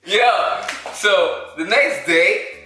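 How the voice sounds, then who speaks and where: A man's voice: high voice, drawn-out words, pushed and bright, very echoey, soft background music. A man with a New York accent, a chef and co-host telling a story in a casual, teasing way full of street slang. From New York City.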